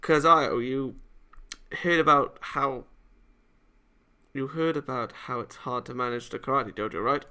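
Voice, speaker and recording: A man's voice: medium pitch, measured pace, long pauses, sharp tone, smooth. A man reading a visual novel aloud for a let's-play, narrating plainly and voicing the hero casually.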